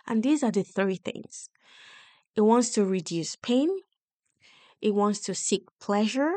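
A woman's voice: medium pitch, expressive, takes it slowly, pauses often, darkish tone, dry recording. Woman coach explaining things plainly. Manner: explanatory, often checks in with "right?" and "okay?". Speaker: podcast host and wealth coach. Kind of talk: teaching monologue.

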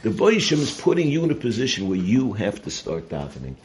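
A man's voice: fairly low pitch, very animated, quick pace, darkish tone. A man teaching a weekly Torah portion class, earnest and explanatory, often restarting and repeating his words. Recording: noisy recording.

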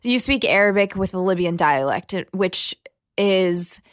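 A woman's voice: mid-range voice, animated, unhurried, smooth, dry recording, clean studio sound. A young American woman as a podcast guest, earnest and thoughtful, laughing easily. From United States. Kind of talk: casual interview chat.

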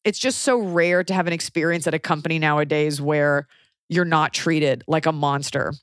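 A woman podcast host in her thirties telling a casual story in a frank, animated way, often acting out what people said. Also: deep voice, moderate pace, no echo, studio quality. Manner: animated, acts out quoted voices, frank and profane.

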